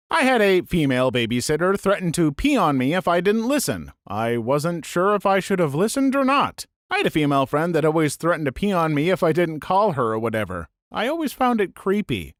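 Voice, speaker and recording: A man's voice: a little high, sing-song, brisk, hardly any pauses, no echo, studio quality. A man reading online stories aloud and adding wry, joking asides between them. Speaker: narrator.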